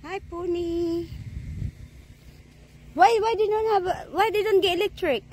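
A woman from the Philippines vlogging outdoors at a farm, excitable and giggly, cooing over animals in simple, non-native grammar. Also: extremely high pitch, unhurried. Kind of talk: casual vlog chat.

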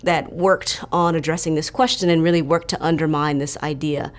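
A woman giving an expert documentary interview, thoughtful, with many pauses and fillers. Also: deep voice, fairly even intonation.

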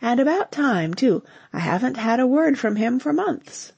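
A woman's voice: on the high side, big pitch swings, moderate pace, creaky, darkish tone, breathy edge, dry recording, pitched above the performer's own voice, exaggerated voice. A woman reading the lines of an affectionate young wife who teases her husband playfully. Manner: playful, teasing.

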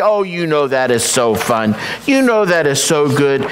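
A man leading a church service, praying in a slow affirming cadence and then joking playfully with the congregation in a sanctuary. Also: mid-range voice, very animated, slight background noise. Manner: playful, hamming up corny jokes. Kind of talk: prayer and sermon.

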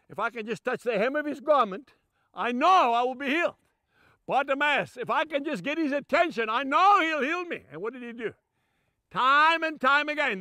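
An older man preaching a sermon, emphatic, swinging from shouts down to soft, low asides and calling his listeners "folks". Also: no echo, clean studio sound.

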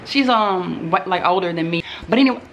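Young woman, casual phone vlog, jokey, clear background noise. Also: on the low side, expressive, a little fast. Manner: chatty, joking, addresses viewers as y'all. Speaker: vlogger. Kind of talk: casual vlog chat to camera. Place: home and car.

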